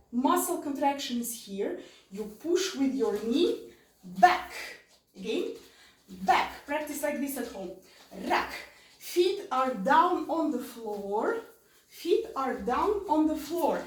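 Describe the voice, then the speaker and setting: A woman's voice: high voice, sing-song, slow. A woman teaching an online dance lesson, counting beats aloud and repeating her cues. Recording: roomy sound from far off.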